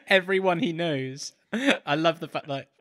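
A man's voice: fairly high pitch, very animated, slow pace, a bit bright. A man co-hosting a book podcast who giggles and acts out his reactions to the story. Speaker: podcast co-host. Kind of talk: casual chat.

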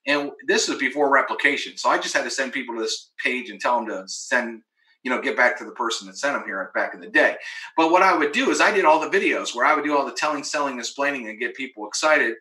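A man giving an energetic marketing pitch in a webinar, emphatic and acting out the doubts of his prospects. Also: fast talker. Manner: emphatic, acts out quoted voices of prospects. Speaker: webinar presenter. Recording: roomy echo.

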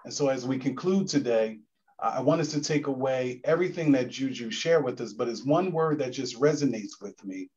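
A man from the commission giving formal closing remarks at a virtual event, measured and solemn with a preacherly cadence, over a video call. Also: medium pitch, darkish tone. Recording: dull lo-fi call audio.

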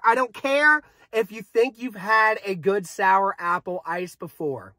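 A man's voice: high-pitched, unhurried, hardly any pauses, pushed and bright, dry recording. A young man reviewing a vape in a casual, hyped, joking vlog, talking straight to his viewers.

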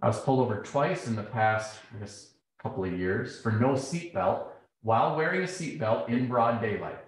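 A man's voice: mid-range voice, moderate pace, few pauses. A middle-aged man giving a public talk, telling stories and acting out the exchanges in them. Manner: animated, acts out quoted exchanges. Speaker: speaker. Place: lecture hall. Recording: very echoey hall.

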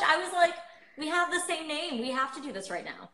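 Bright, chatty woman on a livestream. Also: high voice, big pitch swings, brisk, echoey room, poor audio. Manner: bubbly, chatty, laughs often. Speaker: host of a livestream. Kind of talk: casual livestream chat. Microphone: phone livestream.

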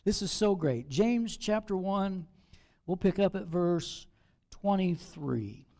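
A man, a pastor, preaching a sermon in an animated, playful way with acted asides. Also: high-pitched, slow pace. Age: over 40.

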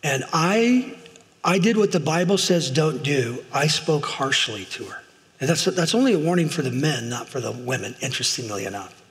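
A man's voice: fairly high pitch, animated, moderate pace, fairly bright tone. A middle-aged man preaching as a pastor in a church, chatty and self-deprecating, often asking his listeners "right?". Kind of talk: sermon. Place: church sanctuary, in front of a congregation. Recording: long hall reverb.

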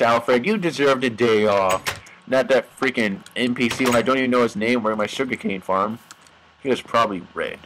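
A man's voice: mid-range voice, a little slow, pushed and bright, slight background noise, poor audio. A young man giving goofy, mock-dramatic commentary over his own gameplay, talking to the animals on screen.

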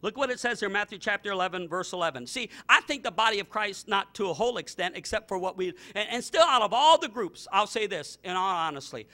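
A middle-aged male pastor preaching a fervent sermon, repeating himself and breaking into sudden loud outbursts. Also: high voice, expressive, quick pace, hardly any pauses.

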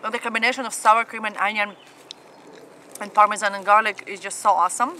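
A woman speaks fast with a mid-range, bright, forceful voice and fairly even intonation, captured on a low-quality recording. Hosting a casual family eating show on the ground at an outdoor festival, she chats enthusiastically between bites with lots of mm-hmms, as faint festival noise plays behind.

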